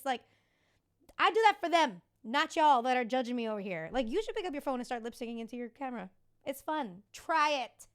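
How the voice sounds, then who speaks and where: Speaking fast in a high, clear, resonant voice, a thirty-something woman hosts a podcast. Her chat is casual and confiding, candid, with the occasional swear.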